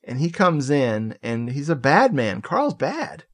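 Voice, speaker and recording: Animated man recapping a movie. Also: medium pitch, slow pace. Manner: animated storytelling, swearing, laughing asides. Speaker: podcast co-host. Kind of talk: casual movie recap chat.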